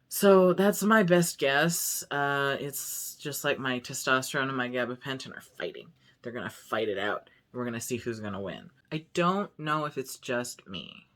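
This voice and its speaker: A man's voice: medium pitch, fairly bright tone. A man with an androgynous voice talking casually to his viewers in a rambling vlog, full of "like" and restarts. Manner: chatty, rambling, lots of "like". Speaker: vlogger.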